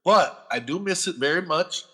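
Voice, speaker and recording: Male podcast guest, bright and fairly high voice, animated storyteller who swears freely. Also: normal speed, breathy edge. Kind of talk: casual profane storytelling.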